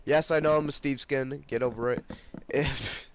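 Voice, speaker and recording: A man's voice: mid-range voice, steady tone, normal speed, a little hiss or hum. A young man giving casual gameplay commentary, rambling and ranting about a friend and mimicking him in mocking voices. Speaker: gaming channel host.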